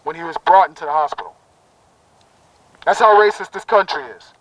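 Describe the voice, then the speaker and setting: Man, high voice, fervent rally speech, rhythmic chanting phrases, dry close sound. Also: fairly quick, fairly bright tone, no room sound, poor audio. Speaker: protest speaker leading a prayer. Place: outdoor town plaza.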